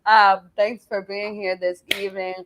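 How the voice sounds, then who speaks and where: A woman's voice: medium pitch, level tone, normal speed, a bit bright, poor audio. A woman co-hosting a virtual open mic over a video call, exuberant and playful, cheering for the performers. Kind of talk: casual live-stream hosting.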